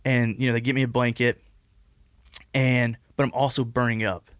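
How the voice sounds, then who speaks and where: A man's voice: mid-range voice, little pitch movement, normal speed, clean tone, dry recording, clean studio sound. A man in his twenties, a podcast guest telling a long personal story in a casual, rambling way, full of "like" and restarts. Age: 20s. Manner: rambling, heavy use of "like" and restarts.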